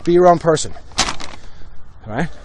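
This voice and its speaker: This is a middle-aged man with a fairly high voice, delivering a blunt, heated political rant as he walks outside. He talks into a handheld phone, and faint noise sits behind him. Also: animated, moderate pace, darkish tone. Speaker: host of a walk-and-talk political show. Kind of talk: opinionated live-stream monologue while walking. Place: outdoors on a residential street.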